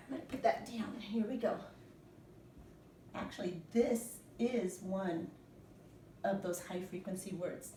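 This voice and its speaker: Woman teacher, patient, spells letters out for little ones; mellow tone, faint room ambience behind. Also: medium pitch, lively intonation, measured pace, long pauses, a little hiss or hum. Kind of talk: recorded classroom lesson for young children. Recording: echoey room, mic at a distance.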